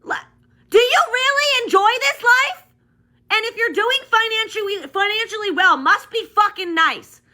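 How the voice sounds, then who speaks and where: A woman delivering a profane, exasperated rant to camera, firing off complaints in rapid bursts. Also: very high-pitched, bright, forceful tone. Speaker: ranting video creator.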